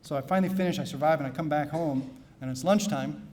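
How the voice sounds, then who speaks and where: A man, a priest, giving a keynote talk at a conference, telling stories softly and then preaching loud and emphatic. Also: a little high, quick pace. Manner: storytelling, shifting from soft confiding to loud emphatic preaching. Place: conference hall.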